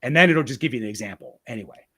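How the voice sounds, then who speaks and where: A man's voice: mid-range voice, lively intonation, rapid-fire, bright, forceful tone. A man talking as a guest in a casual interview, explaining a process step by step with frequent restarts and "right?" tags.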